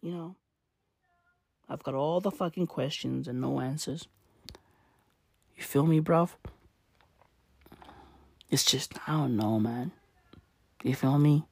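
A woman doing a profane comedic rant, full of slang, swinging from loud outbursts to low mutters. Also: slow pace, gravelly, pauses often, slightly rough, dry recording. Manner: swears constantly, slangy, swings between shouting and muttering.

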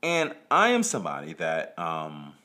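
A man's voice: low voice, wildly swooping pitch, a little slow, pushed and bright. A man hosting a solo podcast, talking casually and profanely, rambling and stammering through restarts, with rhetorical questions to the listener. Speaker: podcast host.

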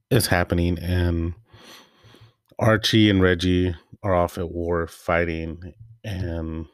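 A man's voice: low voice, dry recording, studio quality. A man hosting a casual comic review, rambling with fillers and trailing asides, his voice wearing out. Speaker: host.

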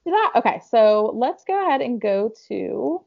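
A woman's voice: a little high, sing-song, moderate pace, vocal fry, highs cut off. A woman with a Southern American accent, co-hosting a podcast in casual chat, talking in a chatty way with lots of fillers. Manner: chatty, lots of "like" and self-talk. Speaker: podcast co-host.

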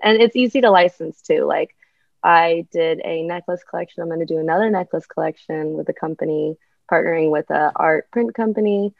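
A woman's voice: deep voice, gravelly, no echo. Chatty woman artist on a muffled dry line. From United States. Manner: chatty, many ums and likes, laughs often. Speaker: artist guest. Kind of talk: casual interview chat.

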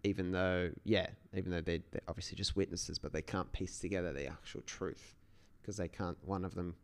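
A man's voice: deep voice, steady tone, fairly quick, clean tone. A man hosting a solo podcast, talking in a casual, rambling way with many restarts. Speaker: podcast host.

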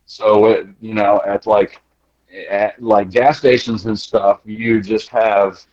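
A man from the United States speaks slowly in a fairly low voice on a lo-fi recording, telling travel tales as a podcast guest. He laughs and acts out quotes in a lively, casual way.

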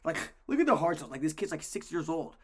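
A man co-hosting a casual podcast, telling coaching stories in an animated way and swearing a lot. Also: fairly high pitch, quick pace, husky. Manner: animated storytelling, heavy swearing. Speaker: co-host, youth lacrosse coach.

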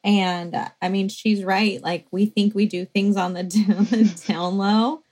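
A woman's voice: mid-range voice, steady tone, measured pace, darkish tone, breathy edge, rough recording. A woman co-hosting a podcast, chatting casually and animatedly, with lots of fillers and quoted self-talk. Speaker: podcast co-host. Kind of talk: casual chat.

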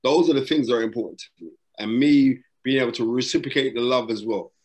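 Speaking fast in a mid-range voice with a darkish tone, a middle-aged man who works as a boxing broadcaster offers motivational advice as an interview guest. He's preacherly, emphatic and repetitive, using street slang, from a hotel room during lockdown.

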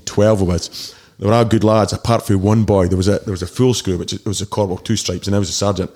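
Gravelly Scottish man in his forties. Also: on the low side, a little mellow. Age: 40s. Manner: blunt, sweary, rambling anecdotes with frequent restarts. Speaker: DJ and army reservist, guest. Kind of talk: casual storytelling chat.

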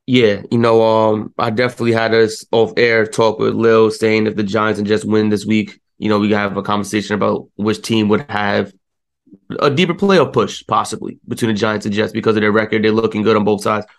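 A young man co-hosting a sports talk show, ranting in a frustrated, animated way, with many fillers. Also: fairly low pitch, a little fast, creaky. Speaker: sports podcast co-host.

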